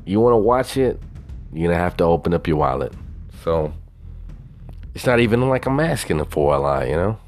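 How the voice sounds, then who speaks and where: A man with a Southern US twang talks through his own podcast in a loose, profane, bragging ramble. His voice sits extremely low, a deep bass rumble. Faint music plays underneath. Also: very animated, moderate pace, long pauses, darkish tone. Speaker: podcast host. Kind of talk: casual solo podcast talk.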